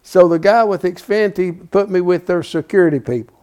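A man's voice: high-pitched, fairly quick. A man in his seventies preaching, telling a folksy story with rising animation. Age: 70s. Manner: folksy, animated, builds to loud. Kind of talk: storytelling sermon.

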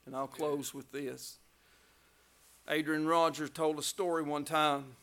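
A man preaching a revival sermon, telling stories and building to loud climaxes. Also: a little high, fairly even intonation, a little slow.

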